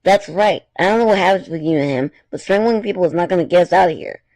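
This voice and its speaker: A man reading aloud, voicing an earnest young woman who firmly pleads for calm. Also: high voice, quick pace, no room sound, natural voice. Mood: pleading. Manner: pleading, firm.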